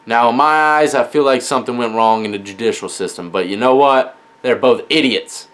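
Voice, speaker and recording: A man vlogging, telling a story to camera in an animated, slangy, dramatic way. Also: medium pitch, a little fast. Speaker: gaming streamer and vlogger.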